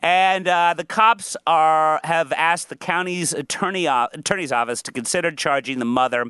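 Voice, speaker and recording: A man's voice: fairly high pitch, normal speed, sharp tone, clear, resonant tone, dry recording. A man hosting a casual comedy chat in a studio, reading out news stories with wry, jokey asides. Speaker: host. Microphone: studio mic.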